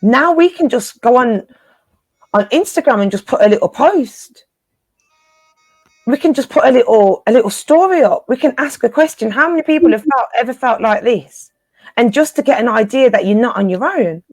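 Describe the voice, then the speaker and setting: A woman's voice: fairly high pitch, expressive, moderate pace, a little mellow, no echo, soft background music. A woman co-hosting a casual spiritual live chat, encouraging her listeners and often repeating phrases for emphasis in informal, slangy speech.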